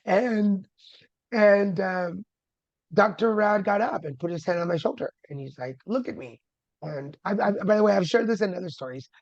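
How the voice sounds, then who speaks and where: Man, guest storyteller, gravelly, fairly high voice, candid, humorous, dull lo-fi sound. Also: normal speed, no echo. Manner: candid, humorous, dramatic retelling. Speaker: guest, cancer survivor. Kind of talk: personal storytelling.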